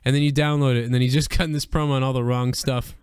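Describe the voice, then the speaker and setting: A man hosting a casual, profane wrestling chat, talking excitedly and laughing often. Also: mid-range voice, rapid-fire, clear, resonant tone, dry recording. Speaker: podcast host.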